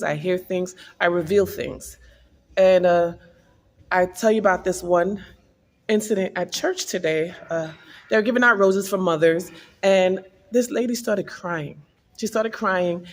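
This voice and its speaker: Husky, gravelly-voiced woman sharing a testimony. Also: on the low side, in a large hall. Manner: earnest, emotional storytelling. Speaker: vlogger. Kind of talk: personal spiritual testimony.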